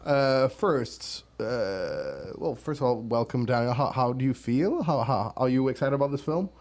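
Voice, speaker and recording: A man's voice: mid-range voice, unhurried, vocal fry. A man playing a cheerful coach in a comedy sketch, stammering through his instructions. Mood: upbeat. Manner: stammering, lively. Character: male accent coach, cheerful and halting.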